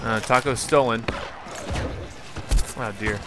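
A young man giving excitable live commentary on a video game, talking to his viewers with jumpy exclamations. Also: medium pitch, slow pace, heavy background noise. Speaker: gaming YouTuber.

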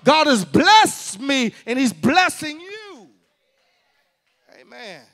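A man's voice: very high-pitched, very animated, takes it slowly, fairly bright tone. A male pastor delivering a fervent sermon to a church congregation. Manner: fervent preaching, addressing the congregation directly. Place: church service.

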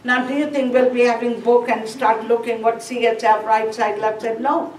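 High-voiced woman lecturing in a roomy classroom. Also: steady tone, normal speed, a little mellow, recorded from a distance, slight background noise. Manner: asks and answers her own questions, repeats key words. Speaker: nursing instructor.

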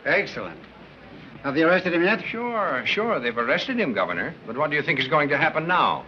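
A jaded city official, explaining the way of things in a quick, knowing voice with a lively lilt. The sound is a muffled 1930s film track with soft hiss. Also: male voice, fairly high pitch. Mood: cynical. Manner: weary, knowing. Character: cynical official advising a governor.

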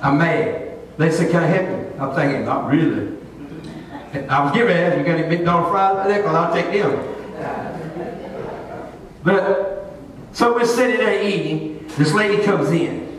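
A male pastor preaching a sermon, telling a folksy story in an animated way. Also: on the high side, moderate pace, long pauses. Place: church sanctuary. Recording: echoey church hall, distant mic.

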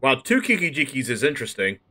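Bright-voiced man streaming a card game. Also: medium pitch, fast. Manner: thinks aloud, muttering plays, with sudden excited outbursts. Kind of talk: live gameplay commentary.

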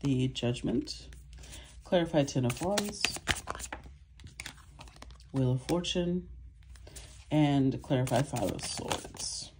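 A woman's voice: very deep voice, slow, long pauses, background noise. A woman giving a casual tarot reading, calling out cards and thinking aloud as she interprets them. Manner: thinks aloud, calls out cards, clears throat. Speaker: tarot reader.

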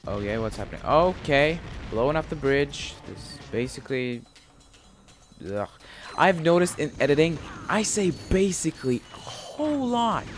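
A man's voice: fairly high pitch, animated, normal speed, soft background music. A young man casually commenting on a video game he is playing, rambling and joking with lots of swearing. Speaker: gaming channel host. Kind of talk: casual let's-play commentary.

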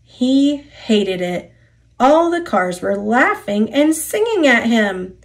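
A woman reading a children's picture book aloud in an expressive storyteller's voice. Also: on the high side, takes it slowly. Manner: expressive, lively character voices.

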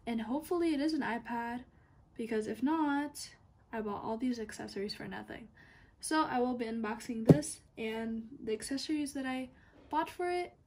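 A young woman filming an unboxing vlog, excited and gushing, sometimes dropping to a whisper. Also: high-pitched. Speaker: YouTuber.

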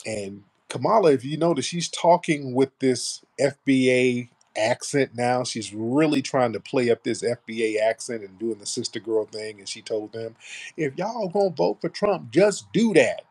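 A man's voice: mid-range voice, fairly even intonation, moderate pace, hardly any pauses, darkish tone. A man hosting a casual live stream, talking bluntly and sarcastically about the news. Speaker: host.

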